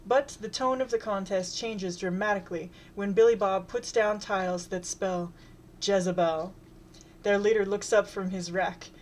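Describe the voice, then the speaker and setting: A woman reading a comic story aloud in a wry, deadpan way. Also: medium pitch, a little hiss or hum. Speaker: reader.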